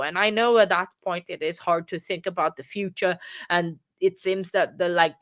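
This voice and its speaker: Halting woman streamer, casual commentary. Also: fairly low pitch, fairly bright tone. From from outside England. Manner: halting, many restarts and fillers. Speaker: true crime streamer.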